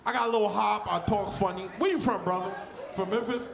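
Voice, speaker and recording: A man in his forties with a lisp, doing a loud, crude stand-up comedy set on stage, often shouting at the crowd. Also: high voice, fairly quick, vocal fry, reverberant. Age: 40s.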